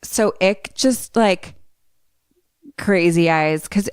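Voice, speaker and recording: A woman's voice: on the low side, extremely slow, clear, resonant tone, no room sound, studio quality. A woman co-hosting a podcast, animatedly retelling a film scene by scene, acting out the characters and swearing freely. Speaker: podcast co-host. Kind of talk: casual chat, retelling a film.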